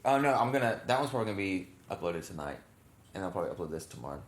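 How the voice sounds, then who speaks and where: A man's voice: sits low, very animated, racing, slight background noise. A man co-hosting a casual reaction chat, rambling with lots of fillers and self-corrections. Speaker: channel co-host. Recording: echoey room.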